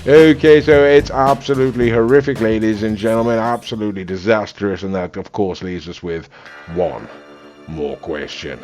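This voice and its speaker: Theatrical man with a low voice. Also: steady tone, moderate pace. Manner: theatrical, mock-formal, keeps saying "ladies and gentlemen". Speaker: car reviewer. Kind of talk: gameplay commentary. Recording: faint music behind.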